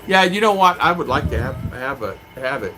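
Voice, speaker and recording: A man's voice: mid-range voice, animated, brisk. A man in a casual live-stream chat, rambling as he reads out viewer comments and answers them. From United States. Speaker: vlogger. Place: home in the Philippines. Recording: clear clicking noise behind voice.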